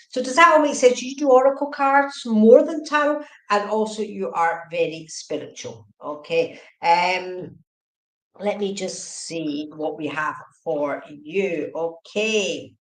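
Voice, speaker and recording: Lady medium doing live readings, quick chatty talk, echoey room. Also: medium pitch. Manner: fast, chatty, repeats okay and right. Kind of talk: live-stream psychic reading.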